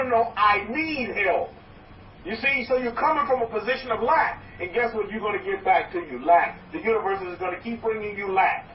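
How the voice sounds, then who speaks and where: Recorded from afar in an echoey room, the rabbi's high voice sounds dull and muffled over a faint layer of noise. His sermon rambles as he urges on his listeners, often breaking off and beginning sentences anew.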